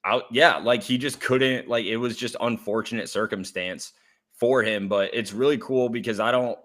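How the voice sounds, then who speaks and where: A man's voice: medium pitch, moderate pace, a bit bright. A man co-hosting a casual sports podcast, earnest and rambling with many fillers. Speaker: podcast co-host.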